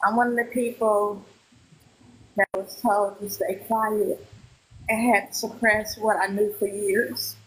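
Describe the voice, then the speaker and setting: A woman's voice: medium pitch, level tone, unhurried, a little hiss or hum, poor audio. Woman in her thirties recounting a story. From Milwaukee, Wisconsin. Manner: recounts events with acted-out quoted dialogue. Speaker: witness guest. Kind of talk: casual live-stream storytelling.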